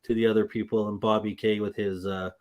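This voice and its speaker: A man's voice: fairly low pitch, little pitch movement, a little fast, a little mellow, highs cut off. A man co-hosting a casual live-stream football talk show, bantering in a joking, self-deprecating way. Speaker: co-host.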